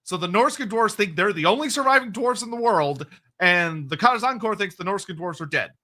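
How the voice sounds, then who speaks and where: A man's voice: high voice, expressive, fairly quick, bright, forceful tone. A man co-hosting a casual livestream, answering chat questions at length with frequent restarts and laughs. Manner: rambling, restarts, laughs often.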